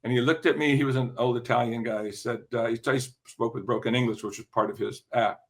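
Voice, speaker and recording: An older man talking as a podcast guest, telling long anecdotes with lots of restarts and the odd throat clear. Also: medium pitch, steady tone, quick pace. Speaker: podcast guest, music industry veteran. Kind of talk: casual interview storytelling.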